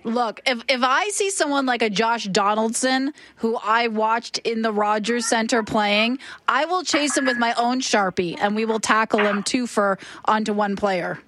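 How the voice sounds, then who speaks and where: A woman's voice: fairly high pitch, unhurried, hardly any pauses, fairly bright tone, slight background noise. A woman hosting a morning radio show, chatting in a playful, teasing way. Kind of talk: casual radio chat.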